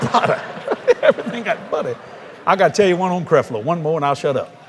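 Here the preacher's voice sits on the high side at normal speed, in a large hall with slight background noise. He shares stories animatedly, laughing and mimicking the voices of the people in them.

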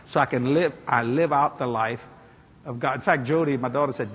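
A male preacher telling stories in a folksy, animated way, building to exclamations before a congregation. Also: mid-range voice, brisk, slight background noise. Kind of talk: storytelling sermon. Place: church hall or auditorium. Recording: echoey hall with a congregation.

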